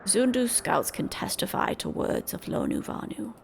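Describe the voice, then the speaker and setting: A woman's voice: mid-range voice, huge pitch swings, normal speed, gravelly, exaggerated voice. A woman voicing a solemn birdlike tribal elder with broken, formal country-bumpkin speech.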